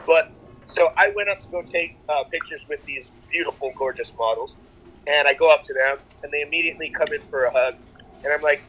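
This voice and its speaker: A man telling an animated story as a guest in casual podcast chat, leaning on "like" as he talks. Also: a little high, moderate pace, rough recording.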